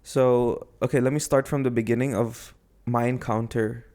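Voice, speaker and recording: Brief: mid-pitched male podcast host, rambling anecdote, casual and jokey. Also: steady tone, normal speed, darkish tone. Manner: rambling, self-correcting, jokey. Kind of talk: casual chat, storytelling.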